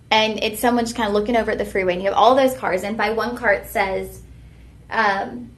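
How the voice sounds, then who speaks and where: A woman's voice: fairly high pitch, fairly even intonation, moderate pace, reverberant. Chatty woman shopping host. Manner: chatty, heartfelt, folksy "y'all" address. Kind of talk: live shopping stream chat.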